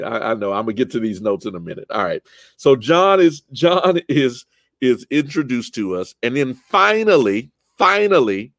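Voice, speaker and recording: A man leading a church Bible study, animated and lively, often rising in pitch and restarting his sentences. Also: no echo.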